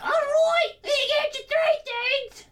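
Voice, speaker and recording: A woman voicing a harried, brassy female tavern keeper who calls out loudly in a high, shrill voice. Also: steady tone, slow, a crowd in the background. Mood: bustling.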